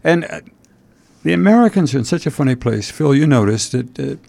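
Man, talk show host, gravelly voice, halting, rambling, wry asides. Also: mid-range voice, expressive, darkish tone. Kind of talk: casual political talk show chat.

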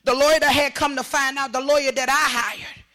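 An older woman giving emotional personal testimony as a mother, talking emphatically and repeating herself, her voice rising into shouts. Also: high-pitched, fairly even intonation, fairly quick.

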